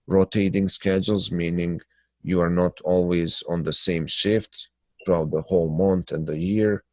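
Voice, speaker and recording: A man's voice: low voice, a little mellow, dry recording. A man hosting a live trading webinar, talking loosely with many fillers and sounding nasal from blocked sinuses. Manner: loose, filler-heavy talk, answering viewers by name. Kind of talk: live webinar chat and chart analysis.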